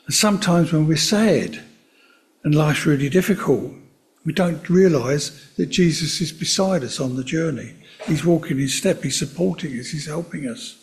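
A man giving a sermon in a gentle, conversational way, with chatty asides to his listeners. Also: on the high side, normal speed. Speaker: preacher.

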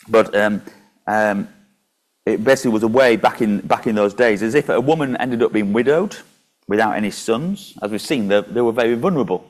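A man's voice: fairly low pitch, darkish tone. A man preaching a sermon and reading scripture aloud in a conversational way, with small slips and restarts.

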